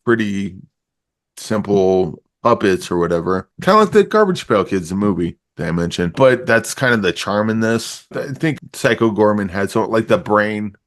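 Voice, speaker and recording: A man's voice: lowish voice, animated. Rambling, laughing male movie reviewer. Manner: rambling, laughs often, acts out scenes in quick voices. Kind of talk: casual chat.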